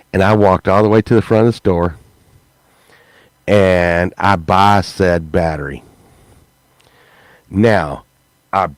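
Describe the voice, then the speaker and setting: A man telling a profane, animated story on a podcast, acting out what people said. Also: low voice, dry recording, poor audio. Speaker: podcast host. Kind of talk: storytelling, casual chat.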